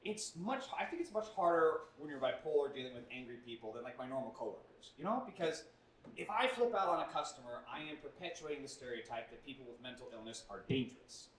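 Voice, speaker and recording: A man's voice: mid-range voice, lively intonation, quick pace, fairly bright tone. A young man doing a self-deprecating stand-up set on a club stage into a handheld mic, his delivery punchy and full of put-on voices. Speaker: stand-up comedian. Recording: echoey club from a distance.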